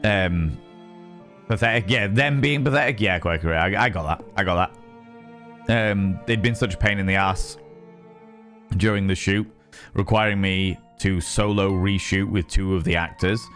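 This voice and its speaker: A man's voice: low voice, normal speed, fairly bright tone, faint music behind. A man and streamer who does some voice acting, chatting casually on a livestream, swearing a lot and repeating himself for emphasis. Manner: profane, emphatic ranting; repeats phrases and restarts mid-sentence. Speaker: streamer and voice actor.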